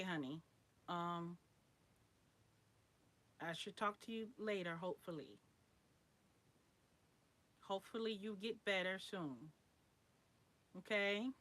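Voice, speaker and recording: A woman's voice: fairly low pitch, fairly bright tone. A young adult woman hosting a live stream, chatting frankly and directly with her viewers. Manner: chatty, talks straight to viewers, frank about sex. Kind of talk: casual live stream chat.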